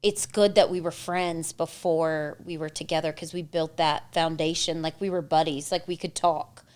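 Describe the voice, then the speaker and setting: A young adult woman co-hosting a casual chat, telling animated stories with quoted dialogue and laughter. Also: deep voice, moderate pace. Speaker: co-host.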